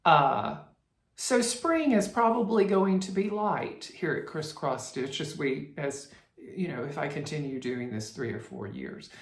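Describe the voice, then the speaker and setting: A woman's voice: low voice, lively intonation, measured pace, vocal fry. A woman hosting a cross-stitch vlog, chatting casually to her viewers, rambling and restarting her sentences. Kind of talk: casual chat to camera. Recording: roomy echo.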